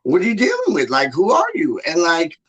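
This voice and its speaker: A man chatting casually with an animated, slang-heavy way of talking and a lot of swearing. His voice sits a little higher than most men's. He acts out what people said as he goes. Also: fairly quick, husky, dull audio. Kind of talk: casual chat.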